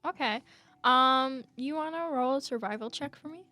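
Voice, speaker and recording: A woman's voice: high-pitched, normal speed, pushed and bright. Young woman, game master, hesitant narration, fillers, faint music behind. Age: young adult.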